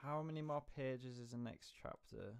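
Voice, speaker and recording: A man's voice: mid-range voice, normal speed, vocal fry, clean tone, dry recording. A man casually chatting and reading a book aloud on a livestream, rambling and laughing at himself.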